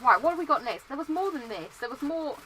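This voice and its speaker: A young woman from Britain chatting casually and excitably, looking through old belongings and coughing now and then from dust. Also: high-pitched, fast, a little hiss or hum, low-quality recording. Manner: chatty, excitable, sings entrance themes. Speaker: vlogger. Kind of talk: casual chat.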